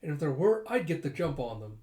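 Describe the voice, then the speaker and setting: A man reading the lines of a polite, gentle young woman from a comic, in a lightly raised voice. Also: a little high, sing-song, a little fast, reverberant.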